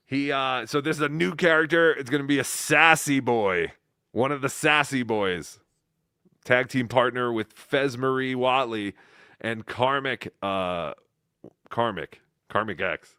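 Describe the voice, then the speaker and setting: A man hosting a live show who banters in an excitable, teasing and crude way. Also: medium pitch, takes it slowly, clear, resonant tone, dry recording, clean studio sound. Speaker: host. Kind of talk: casual live-stream banter.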